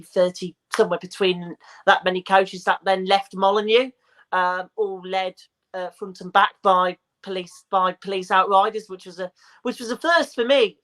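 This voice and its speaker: A woman calling in to a fan phone-in, speaking haltingly with many restarts and repeated words. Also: medium pitch, a bit bright.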